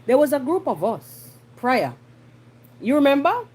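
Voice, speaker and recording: A Jamaican woman hosting a podcast, giving blunt, animated commentary and slipping into patois. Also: high-pitched, a little slow. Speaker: podcast host. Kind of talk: casual commentary monologue.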